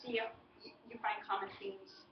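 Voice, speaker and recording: A woman teacher giving a model poetry presentation, explaining in a deliberate, clearly paced way. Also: mid-range voice, little pitch movement, noisy background. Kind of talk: model student presentation on a poem. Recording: echoey, distant, dull and lo-fi.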